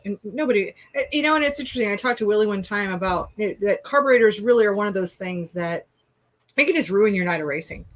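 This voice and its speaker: A woman's voice: mid-range voice, lively intonation, fast talker. A woman with a Minnesota accent co-hosting a casual live chat, laughing often and reading out viewer comments. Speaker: co-host.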